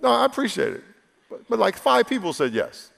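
Lively, high-pitched preaching man. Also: a little fast, creaky. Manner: humorous, conversational, acts out voices. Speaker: pastor. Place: large church hall. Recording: long echo of a big hall.

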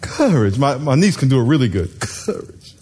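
A man's voice: mid-range voice, normal speed, a little hiss or hum. A middle-aged man preaching a sermon in a church, calling on the congregation to repeat words back and acting out the people he quotes. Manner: lively, calls for congregation responses, acts out quotes. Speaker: pastor.

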